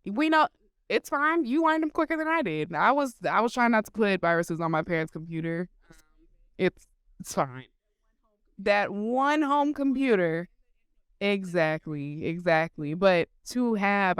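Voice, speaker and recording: Woman moderating a panel, chatty, lowish smooth voice, dry sound. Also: moderate pace, no echo. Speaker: panel host. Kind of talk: moderating a live panel talk.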